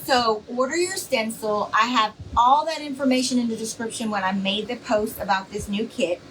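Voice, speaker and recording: A woman's voice: on the high side, normal speed, fairly bright tone, far from the mic, a little hiss or hum, poor audio. A woman hosting a casual craft live stream, chatty and reassuring, rambling with plenty of fillers as she talks to viewers.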